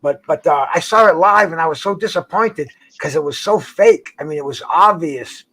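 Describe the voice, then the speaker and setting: A man's voice: a little high, normal speed, a bit bright. An older man in casual chat, rambling and profane, stumbling over restarts as he talks outdoors by a dock on the water. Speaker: host.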